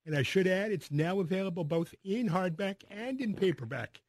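A man hosting a weekend radio talk show, introducing his guest with a smooth announcer's delivery. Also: sits high, expressive, normal speed, hardly any pauses, dry recording. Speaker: radio host.

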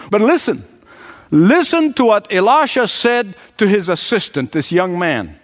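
Brief: male preacher, high voice, earnest and emphatic, talks directly to the congregation. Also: very animated, normal speed. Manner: earnest, emphatic, often addresses listeners directly. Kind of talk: sermon.

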